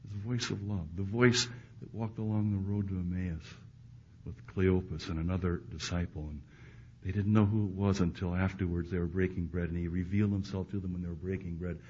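A male preacher delivering a sermon to a live congregation, dropping to hushed, intimate lines and then rising to loud, emphatic ones. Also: deep voice, steady tone, a little fast. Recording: muffled recording with faint background hiss.

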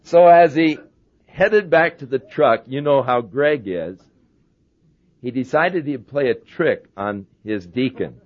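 A man's voice: mid-range voice, expressive, slow. A man preaching a sermon as a pastor, telling humorous stories. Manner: anecdotal, humorous storyteller. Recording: dull lo-fi sermon recording.

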